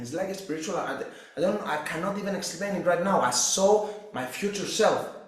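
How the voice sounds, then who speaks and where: A man's voice: sits high, lively intonation, a little fast. A young man from Cyprus, telling his personal story as a fitness coach in an intense, profane way. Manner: intense, profane, restless delivery with restarts. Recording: very echoey room.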